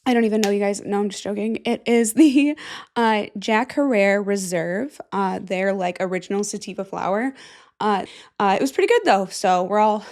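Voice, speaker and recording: A woman's voice: mid-range voice, moderate pace, a little mellow. A woman hosting a casual solo podcast, goofy and self-mocking, with plenty of swearing. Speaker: podcast host.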